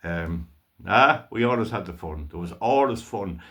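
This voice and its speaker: A man's voice: low voice, animated, a little slow, sharp tone. An older Irish man and channel host telling a story in a casual, playful way, with mock drama and stammered repeats. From Ireland.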